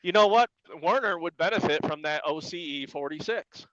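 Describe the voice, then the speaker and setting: A man who drives a flatbed truck, chatting casually as a guest on a live stream and telling animated stories about life on the road. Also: on the high side, moderate pace, no room sound, highs cut off. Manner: animated storyteller, quotes people in voices.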